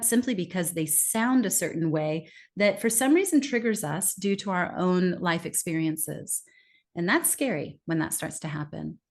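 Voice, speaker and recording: An American woman with a fairly low voice speaks as a guest expert in an interview. She explains at length in a conversational way. She slips into lively, exaggerated voices when quoting people. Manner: animated, acts out quoted reactions in lively bursts. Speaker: guest expert on accents and communication.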